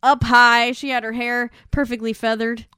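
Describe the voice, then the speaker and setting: A woman casually recapping a movie with a friend, animated and laughing as she acts out the scenes. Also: on the high side, normal speed, smooth, no room sound, clean studio sound. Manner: animated retelling with acted quotes and laughs.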